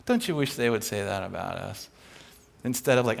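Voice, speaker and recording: Guest preacher, male, high-pitched, lively storytelling sermon with voiced asides. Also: creaky. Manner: acts out characters in quick asides, conversational and humorous. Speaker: guest speaker.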